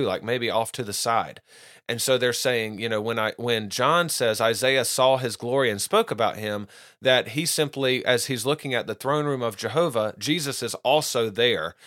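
A man explains scripture in earnest, unscripted teaching and keeps restarting his phrases as he goes. His voice sits at an ordinary middle pitch. The sound is dry and close, with no room echo. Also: fairly bright tone. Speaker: Bible teacher.

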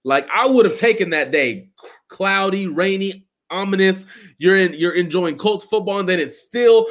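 A man co-hosting a podcast, reacting to his partner's story in an expressive, casual way. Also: high voice, normal speed. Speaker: podcast co-host.

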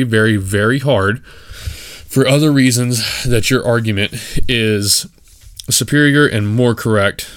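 In a solo podcast monologue, a man from West Texas bluntly shares his views, stumbling through plenty of fillers and restarts. His voice sits fairly low, and there's no echo on the recording.

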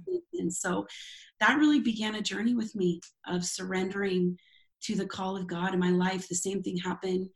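Woman, worship leader, personal testimony, candid, self-deprecating, laughs a lot, middle pitch. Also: fairly even intonation, normal speed. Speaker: worship leader and former youth pastor. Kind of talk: telling a personal testimony in an interview.

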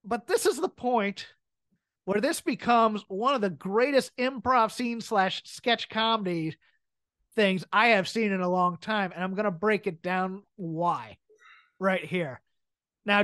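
Chatty podcast co-host, woman, middle pitch, close dry sound. She laughs easily and breaks down wrestling moments in a relaxed, animated way, with nothing ringing around her voice. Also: no room sound. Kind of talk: casual wrestling commentary chat.

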